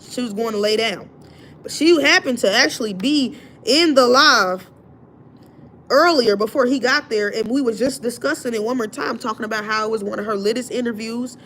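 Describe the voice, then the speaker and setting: A woman with a slightly high voice rants on her own livestream, retelling what happened with animated indignation. Her talk is loose and conversational, with a faint hum of room noise underneath. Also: moderate pace. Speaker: livestream host. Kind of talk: casual livestream rant.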